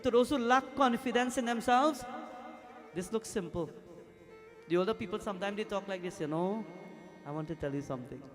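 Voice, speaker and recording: Male pundit, storytelling sermon delivery, higher register, music bed behind. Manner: storytelling, acts out quoted voices, breaks into devotional song. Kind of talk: Hindu temple sermon. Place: temple hall during a festival night.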